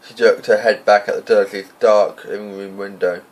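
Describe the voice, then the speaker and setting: A lower-pitched man reading a story aloud as a casual amateur audiobook narrator. His reading is relaxed and informal, with the odd stumble and restart along the way. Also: moderate pace, hardly any pauses, poor audio. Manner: casual, with slips and off-script asides.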